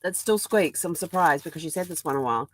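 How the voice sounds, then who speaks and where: A woman's voice: deep voice, lively intonation, quick pace. A woman from New Zealand with a New Zealand accent, chatting casually in a rambling daily vlog, full of ums. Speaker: vlogger. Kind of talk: casual chat. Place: at home with her dog.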